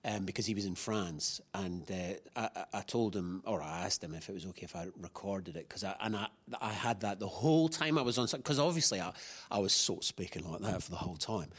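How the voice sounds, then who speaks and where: A man's voice: sits low, brisk, fairly bright tone, breathy edge. A middle-aged man, an actor being interviewed, talking in a chatty, rambling way with many restarts. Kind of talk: casual interview chat.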